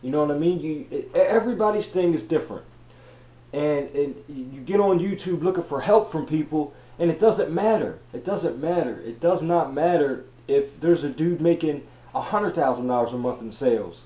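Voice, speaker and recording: A man's voice: a little high, normal speed. Blunt, profane man ranting in an echoey room. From Baltimore, USA. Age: 30s. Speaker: reseller vlogger. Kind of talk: blunt motivational rant. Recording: echoey room, dull lo-fi audio.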